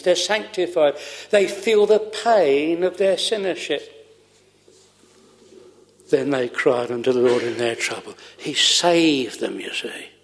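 An older man preaching an earnest, fervent sermon in old-fashioned scriptural language, then closing in prayer. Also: high voice.

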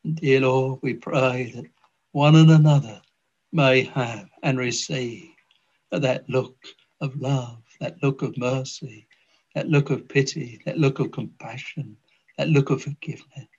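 Slow, fervent man praying aloud. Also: mid-range voice, fairly even intonation, a little mellow, slightly rough. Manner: slow, fervent, old-fashioned King James phrasing. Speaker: minister leading prayer. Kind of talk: extemporaneous congregational prayer. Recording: dull lo-fi old recording.

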